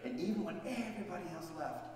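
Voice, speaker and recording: A man's voice: sits high, sing-song, unhurried, a crowd in the background. A man preaching, voicing a generous middle-aged landowner who makes emphatic, reassuring promises. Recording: echoey church hall, voice from far off.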